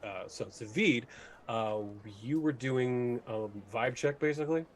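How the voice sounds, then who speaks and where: A man's voice: medium pitch, unhurried. A man running a tabletop game as game master, describing scenes with many hesitations.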